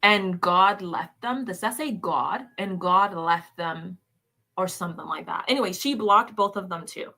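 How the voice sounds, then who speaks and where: Her voice is lowish, creaky, bright, and forceful, and she never hurries. On a laid-back commentary stream she reads comments aloud, reacts with laughter and exclamations, and chats with viewers she calls "y'all."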